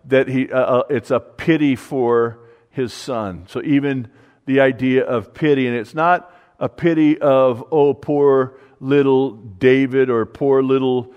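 A man's voice: mid-range voice, unhurried, smooth, muffled recording. A man preaching a conversational sermon on a psalm, dropping his voice for the quoted prayers. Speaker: pastor. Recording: long hall reverb.

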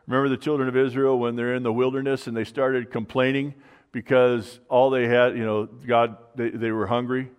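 A male pastor preaching in a loose, conversational way. He often stops to restart a phrase and fills gaps with "you know". His voice sits at an ordinary middle pitch. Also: little pitch movement, normal speed, smooth. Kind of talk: sermon.

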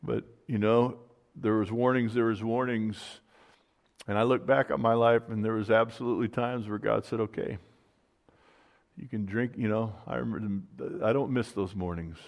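A man's voice: lowish voice, fairly even intonation, normal speed, vocal fry. A man preaching a sermon in a conversational way, often restarting and saying "you know". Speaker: pastor.

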